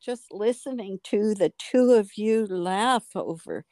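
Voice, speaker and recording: Slow-talking older woman, laughing easily. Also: mid-range voice, lively intonation, warm tone, no echo, clean studio sound. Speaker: guest, host's mother. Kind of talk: casual chat.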